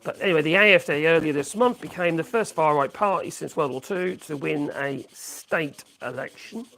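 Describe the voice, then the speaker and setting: A man's voice: on the high side, normal speed, a bit bright. A man hosting a live stream, giving blunt, rambling, opinionated commentary on the news.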